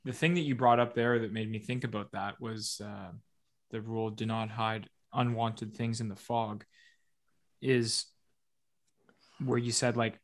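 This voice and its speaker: A man co-hosting a podcast, reflecting thoughtfully and reading from his notes. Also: fairly low pitch. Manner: reflective, reads notes aloud. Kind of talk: casual podcast conversation.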